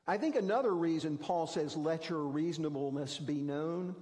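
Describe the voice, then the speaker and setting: A man's voice: a little high, a little mellow, big-room sound. A man preaching a sermon as pastor, telling stories in a conversational, self-deprecating way. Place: church sanctuary.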